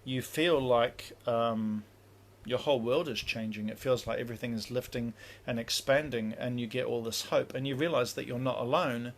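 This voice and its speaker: A man's voice: mid-range voice, steady tone, normal speed, vocal fry. Rambling man teaching spiritual practice. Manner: rambling, with many fillers and restarts, acting out inner dialogues. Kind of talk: casual livestream teaching.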